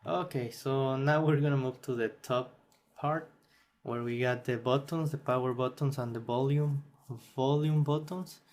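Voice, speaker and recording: Non-native male tutorial host, unhurried, tired, thinks aloud and corrects himself. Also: medium pitch, steady tone, a little mellow. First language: not English. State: yawning, tired. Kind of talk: screen-recorded software tutorial.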